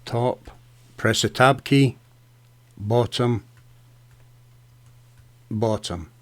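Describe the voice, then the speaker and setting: A man hosting a live software tutorial, chatting casually as he clicks through steps, often saying "okay" and "right". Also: medium pitch, extremely slow. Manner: casual, talks to viewers by name, fillers and okays. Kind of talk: live screen-share tutorial.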